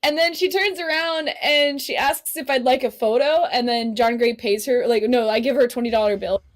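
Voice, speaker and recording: A woman guest on a podcast telling stories in a casual, animated way, laughing often and swearing freely. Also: fairly high pitch, a little fast. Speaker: podcast guest, cosplay model. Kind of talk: casual storytelling chat.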